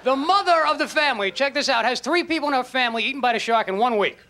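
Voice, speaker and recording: High-voiced mocking stand-up man. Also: animated, fast. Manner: incredulous, mocking, acts out voices. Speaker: stand-up comedian. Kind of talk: stand-up comedy routine. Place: comedy stage before a live audience. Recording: live show with loud crowd and noise. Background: loud audience laughter.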